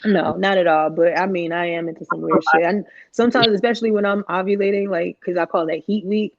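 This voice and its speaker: A woman's voice: lowish voice, fairly even intonation, brisk, vocal fry, no room sound, highs cut off. A woman co-hosting a casual podcast chat, talking in slangy, profane, rambling bursts. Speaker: podcast co-host.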